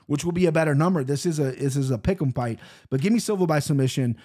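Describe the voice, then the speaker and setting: A man's voice: fairly high pitch, fast talker, mellow. A man hosting a podcast and giving his fight betting picks in casual, blunt chat that is full of swearing and tangents. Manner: blunt, profane, rambling. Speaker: podcast host picking fight bets.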